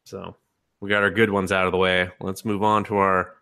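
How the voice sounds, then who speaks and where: A man co-hosting a podcast, retelling an anime scene with laughs, swearing and quick voice changes. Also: sits low, flat delivery, creaky, pushed and bright, smooth, dry recording, clean studio sound. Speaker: podcast co-host. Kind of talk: casual chat.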